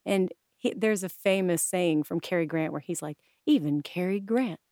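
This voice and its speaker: A woman's voice: on the low side, normal speed, a little mellow, no echo, clean studio sound. A woman guest chatting animatedly in an interview, with many restarts and acted-out quotes. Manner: acts out quoted voices. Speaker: guest, improv coach and stylist. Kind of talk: casual interview chat.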